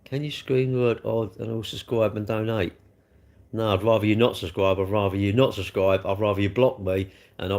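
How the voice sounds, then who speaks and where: A man's voice: fairly low pitch, quick pace. An older man, hosting a casual livestream, chatting in a rambling, blunt way while he answers viewer comments. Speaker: livestream host.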